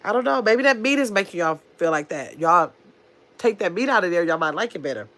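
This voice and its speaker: A woman's voice: on the low side, animated, fairly quick, a bit bright. A woman hosting a casual livestream, reading viewer comments aloud and answering them in an easygoing, chatty way. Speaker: livestream host reading chat.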